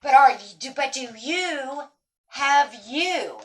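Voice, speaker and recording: Woman tarot reader, higher voice, animated and emphatic casual talk to the camera. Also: slow. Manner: animated, emphatic, swears casually, talks straight to viewers. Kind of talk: casual tarot reading monologue.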